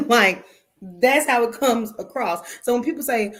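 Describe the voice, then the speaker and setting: A woman's voice: on the high side, unhurried, fairly bright tone. A woman hosting a spiritual talk show, speaking emphatically and a little preachily, with playful cursing and calling listeners "baby".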